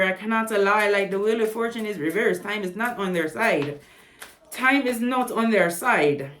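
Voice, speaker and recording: A woman giving a casual tarot reading to camera, chatty and animated, with blunt, profane asides. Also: on the low side, roomy sound. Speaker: tarot reader.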